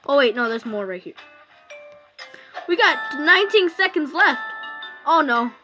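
A woman's voice: high-pitched, big pitch swings, a little slow, over music. A woman giving casual, rambling commentary while playing a phone game, with many fillers and restarts. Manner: rambling, chatty, self-interrupting with fillers. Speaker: gaming YouTuber. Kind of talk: casual let's-play commentary. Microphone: phone screen recording.

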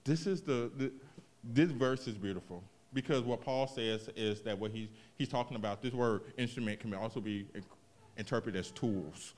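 A man preaching a sermon, moving from hushed reflection to loud, animated emphasis, with casual asides to the congregation. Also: medium pitch, moderate pace. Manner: expressive preaching, swings from quiet to loud, vernacular asides. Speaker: pastor.

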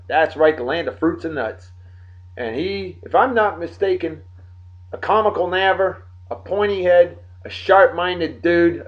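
A man hosting a daily beer and song show from home, rambling and joking as he gives birthday shout-outs to friends. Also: high voice, muffled recording. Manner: rambling, jokey, talks straight to friends. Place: home in Texas.

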